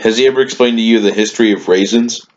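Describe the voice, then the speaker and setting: A man's voice: fairly low pitch, fast. A man co-hosting a podcast in casual chat, rambling through stories and giggling often. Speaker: podcast co-host. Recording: dull lo-fi with faint hiss.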